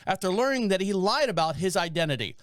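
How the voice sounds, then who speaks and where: A man's voice: high-pitched, animated, quick pace, no room sound, studio quality. A man hosting a podcast, reading news stories aloud and riffing on them in a rambling, joking way. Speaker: podcast host. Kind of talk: casual podcast monologue.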